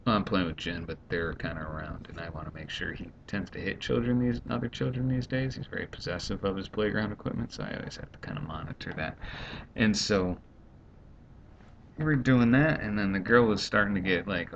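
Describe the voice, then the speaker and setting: A man in his thirties, a stay-at-home dad, rambling and exasperated in a casual vlog monologue. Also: gravelly. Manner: rambling, exasperated, quickly acts out others. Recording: dull lo-fi home recording, faint rumble.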